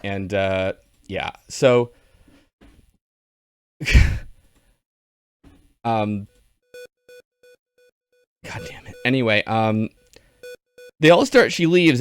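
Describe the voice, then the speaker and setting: A man's voice: fairly low pitch, clear, resonant tone, no room sound. A man giving a casual, rambling movie review on a stream, sardonic and full of fillers and restarts.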